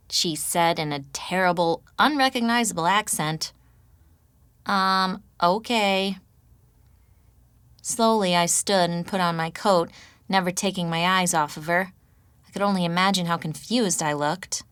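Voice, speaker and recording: Low-voiced woman reading an audiobook. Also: normal speed, fairly bright tone, clear, resonant tone, no echo. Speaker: audiobook narrator. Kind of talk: scripted audiobook narration.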